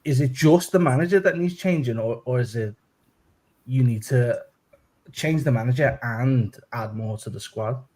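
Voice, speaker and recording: A man's voice: mid-range voice, moderate pace, dark tone. A man calling in as a rival club fan, chatting in a laid-back way and asking questions. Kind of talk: casual chat.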